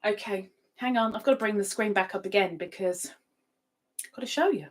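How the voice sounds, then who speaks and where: A woman's voice: medium pitch, brisk, low-quality recording. A woman hosting a live stream from her home computer setup, chatting casually, often repeating herself and laughing. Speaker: livestream host.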